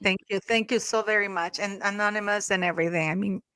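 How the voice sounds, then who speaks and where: A woman's voice: medium pitch, fairly even intonation, fast talker, bright, forceful tone, a little hiss or hum. A woman hosting a casual livestream, rambling and chatty with many restarts, thanking donors effusively. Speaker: livestream host.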